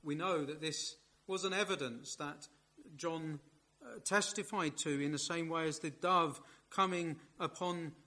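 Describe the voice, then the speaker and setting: A male preacher delivers a sermon at an unhurried pace, his voice sitting high and sounding bright and forceful. He is measured and emphatic, pressing hard on the words that matter.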